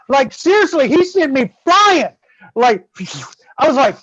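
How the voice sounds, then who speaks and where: A man's voice: very high voice, moderate pace, dry recording. A middle-aged man telling a rowdy story on a podcast, cursing freely and acting out quotes and crash sounds. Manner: animated and profane, acts out quotes and sound effects. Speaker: guest host. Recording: dull, dry, lo-fi sound.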